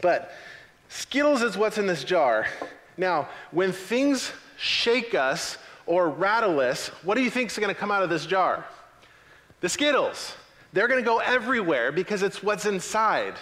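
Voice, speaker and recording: A man preaching a sermon as a pastor, in a conversational, animated way with frequent repetitions. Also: high voice, long reverb tail.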